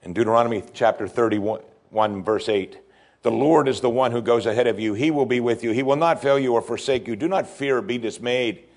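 A male pastor delivering a sermon, preaching emphatically with pitch that climbs and falls. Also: brisk.

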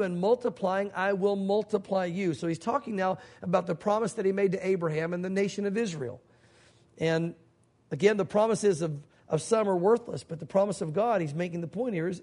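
A man's voice: sits high, darkish tone. A middle-aged male pastor preaching an evening sermon, emphatic and conversational, acting out quoted speech. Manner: emphatic, acts out God's voice in quotes.

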